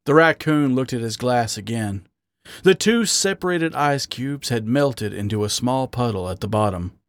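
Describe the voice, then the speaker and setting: A man reading a story aloud as the narrator, in a measured, even manner. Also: medium pitch, dry recording, studio quality. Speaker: story reader.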